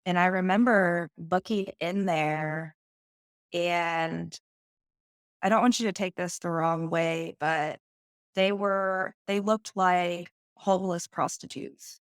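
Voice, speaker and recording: A woman's voice: fairly low pitch, steady tone, slow, clear, resonant tone, dry recording, studio quality. A woman guest on a podcast, telling her personal story in a candid, earnest way.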